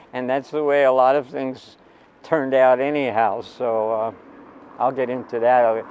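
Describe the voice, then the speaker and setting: Old guy rambling through a life story, normal pitch, chatty asides, faint traffic outside. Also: flat delivery, takes it slowly, dull audio. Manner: rambling, digressive, with asides to the listener. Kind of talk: personal storytelling.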